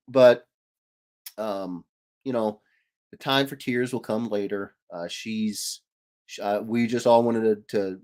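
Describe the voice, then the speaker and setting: A man's voice: mid-range voice, darkish tone. Male stream host in his 30s, rambling and jokey, reads chat aloud. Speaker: host of an art livestream. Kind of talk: casual livestream chat.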